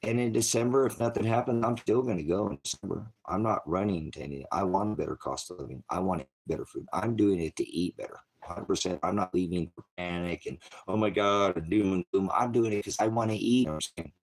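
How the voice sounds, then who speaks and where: An American man with a deep, low voice rambles through a casual livestream chat. He restarts his sentences often and fills the gaps with "you know.". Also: fast, few pauses, darkish tone, a little hiss or hum. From United States. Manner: rambling, loose, full of fillers and restarts. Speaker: channel host.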